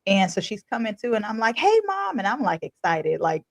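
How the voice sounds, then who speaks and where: Animated woman host, dry close sound. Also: medium pitch, a little fast, vocal fry, dry recording. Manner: animated, expressive storytelling with colloquial speech. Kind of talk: conversational interview.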